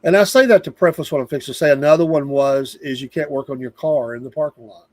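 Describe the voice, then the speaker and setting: A man's voice: on the high side, fast, hardly any pauses, dry recording. A middle-aged man with a Southern US accent hosting a live show, venting in a casual, rambling monologue and repeating himself for emphasis.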